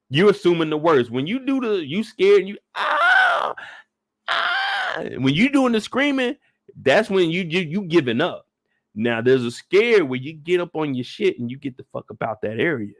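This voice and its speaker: Young male streamer, high and bouncy, comic and profane, dry close sound. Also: moderate pace, dry recording. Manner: animated, profane, comic riffing; acts out scenes in shouted bursts. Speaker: streamer reviewing a TV episode. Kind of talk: live recap commentary.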